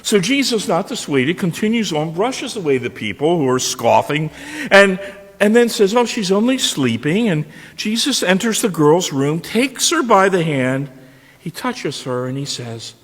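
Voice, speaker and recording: High, lively preacher in a reverberant hall. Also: male voice. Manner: storytelling with rhetorical questions. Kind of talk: sermon. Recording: long reverb of a large hall.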